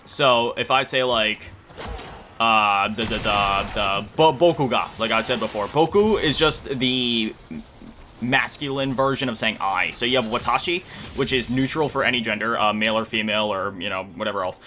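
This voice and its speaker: A man plays a video game and chats casually as a gaming YouTuber, rambling and self-deprecating and often drifting off while recalling words. His voice is mid-range and bright with a forceful tone at normal speed, over slight background noise.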